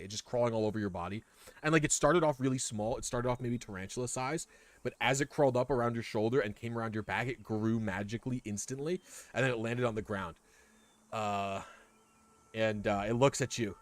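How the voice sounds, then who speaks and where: A man's voice: medium pitch, no room sound. Laid-back young man running a tabletop game. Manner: casual and rambling, full of fillers and laughs. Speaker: game master.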